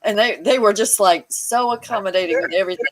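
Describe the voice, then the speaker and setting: Speaking fast in a medium pitch, a woman guest relates a hospital story from her own life during a casual chat. The recording is rough; she animates the telling with frequent laughter and acted-out voices.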